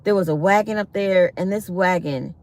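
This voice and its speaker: Speaking at a moderate pace in a fairly low, slightly mellow voice, a woman hosts a casual storytelling livestream. She's chatty with her viewers, calls them y'all, and acts out what people said.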